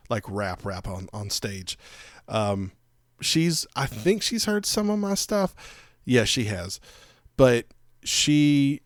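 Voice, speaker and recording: A man telling a rambling, animated story as a podcast host, with frequent restarts. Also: medium pitch, no room sound, studio quality. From Georgia, USA. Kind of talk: casual storytelling chat.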